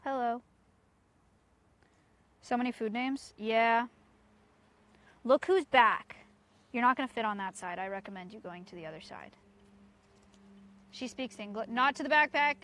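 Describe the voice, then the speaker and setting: Her voice is a little high, animated, and pushed and bright, at a normal speed with frequent pauses. She's a young streamer and sanctuary owner, live outdoors, chatting with her chat and coaxing her goats and other animals.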